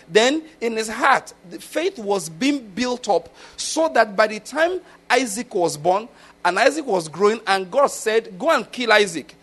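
A man's voice: sits high, a bit bright, slightly rough. A middle-aged man with a Nigerian accent preaching a conversational sermon, often stopping to ask whether his listeners follow. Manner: keeps checking if listeners follow.

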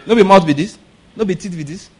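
A man's voice: high voice, quick pace, a little mellow, slightly rough. A male pastor preaching a conversational sermon, asking rhetorical questions and laughing between points.

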